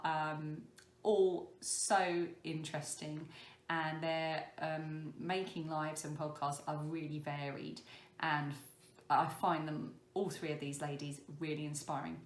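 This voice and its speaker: Woman, podcast host, low-pitched, chatty and rambling, self-deprecating, roomy echo. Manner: chatty and rambling, with many ums; self-deprecating, laughs at herself. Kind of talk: casual podcast monologue.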